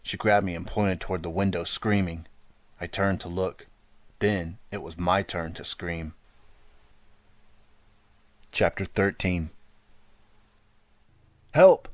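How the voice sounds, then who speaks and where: A man narrating an audiobook in a steady first-person storytelling manner, close to the mic. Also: low voice, unhurried, long pauses, dry recording. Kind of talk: scripted narration.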